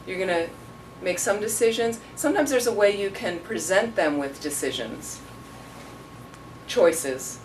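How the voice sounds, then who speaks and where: A woman's voice: medium pitch, lively intonation, unhurried. Storytelling woman teacher, distant and noisy. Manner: rambling, storytelling, acts out quotes. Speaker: Buddhist teacher answering questions. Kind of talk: casual dharma talk. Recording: distant mic, noisy room.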